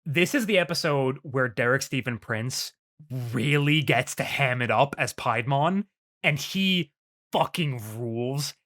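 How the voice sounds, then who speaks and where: A man's voice: mid-range voice, expressive, a little slow, a bit bright. A young man co-hosting a podcast, recapping an episode in loose, profane casual chat and laughing often. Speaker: podcast co-host.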